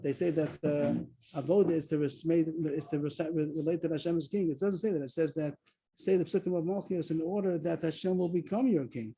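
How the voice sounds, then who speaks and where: Male Talmud teacher on a video call, very dark, husky timbre, explains patiently and stresses key words. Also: on the high side, fairly quick, poor audio. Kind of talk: online Talmud lesson. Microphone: video call mic.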